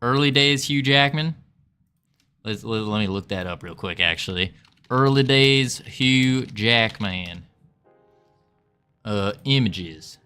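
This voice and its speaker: A man's voice: lowish voice, expressive, slow, long pauses, pushed and bright, clear, resonant tone, faint music behind. A man streaming live and chatting with viewers in a put-on Southern drawl, folksy and joking, laughing often. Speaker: livestreaming game developer. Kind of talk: casual livestream chat with viewers.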